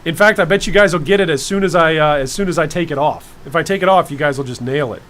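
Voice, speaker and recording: A man in his thirties hosts a live stream with a high, bright-sounding voice. He talks in a playful, joking way, keeping up chatter with his viewers. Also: fast. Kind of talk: live-stream reaction chat.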